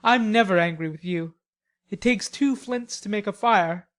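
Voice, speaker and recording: A woman reading an audiobook, voicing an idle, teasing young gentleman with drawling, mock-polite banter. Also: mid-range voice, normal speed, close to an everyday voice. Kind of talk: audiobook character voice.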